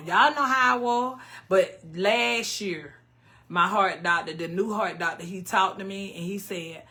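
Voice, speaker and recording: A woman's voice: mid-range voice, normal speed, sharp tone. A woman in her early fifties chatting candidly with her viewers, telling a personal story in loose, emotional vernacular. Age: 50s. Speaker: cooking vlogger. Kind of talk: casual chat to viewers.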